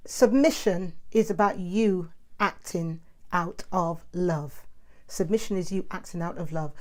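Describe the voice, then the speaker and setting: A woman's voice: lowish voice, darkish tone. A middle-aged woman, talking casually and animatedly in her own monologue, self-described as the mouthy one. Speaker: host.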